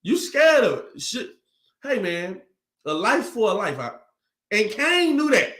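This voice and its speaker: A man co-teaching an informal sermon, blunt and exclamatory, with quick interjections. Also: high voice, big pitch swings, a bit bright. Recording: roomy echo.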